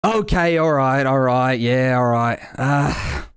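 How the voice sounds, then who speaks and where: A man's voice: medium pitch, slow, clear, resonant tone, dry recording, studio quality. A man voicing a small male rat who is panicky and spiteful, stammering and pleading one moment and snapping the next. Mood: cowed.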